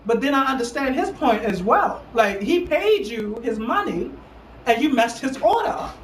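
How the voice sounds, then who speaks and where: A man hosting a casual talk session, telling a story with animated emphasis, repeating lines and acting out other people's words. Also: very high-pitched, normal speed, distant mic. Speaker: host. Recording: roomy echo, off the mic, light background hiss.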